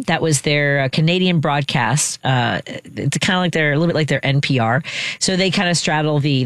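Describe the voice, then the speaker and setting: A podcast host talking in a loose, rambling monologue, often stopping to correct the last phrase. The voice sits at a middle pitch and is recorded dry and close, with no room sound. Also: no echo. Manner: rambling, with frequent self-corrections. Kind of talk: casual monologue with sponsor reads.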